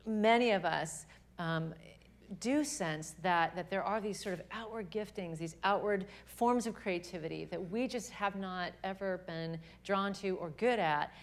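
With a medium-pitched voice, a young adult woman addresses a live crowd at a women's gathering. Her talk on faith is sincere and energetic, though she keeps restarting sentences.

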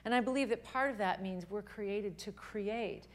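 At a women's gathering, a young woman delivers an animated, heartfelt talk on faith before a live crowd, regularly breaking off and beginning her sentences again. She speaks at a moderate pace in a mid-range voice.

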